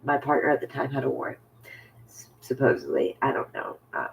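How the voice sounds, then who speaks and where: A man telling a personal story to camera in a halting, rambling way, full of fillers and restarts, often sinking to a near whisper. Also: medium pitch, sing-song, gravelly, slight background noise, poor audio. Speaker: vlogger.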